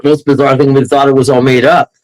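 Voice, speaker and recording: A man telling a ghost story as a podcast guest, animated, laughing often and acting out quotes. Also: medium pitch, fast talker, poor audio. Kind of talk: casual storytelling.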